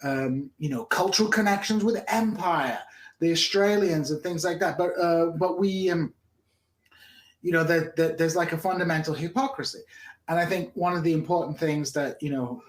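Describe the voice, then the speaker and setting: A podcast host from Hull talks through his thoughts in a loose, halting way, leaning on "like" and "you know". His voice runs slightly high and echoes in a roomy space. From Hull, England. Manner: rambling, hesitant, many fillers. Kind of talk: casual discussion.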